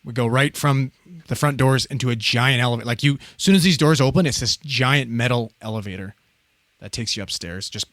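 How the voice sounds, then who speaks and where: A man in his thirties telling a story on a podcast in a casual, profane, animated way, often laughing. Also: medium pitch, a little fast, no echo.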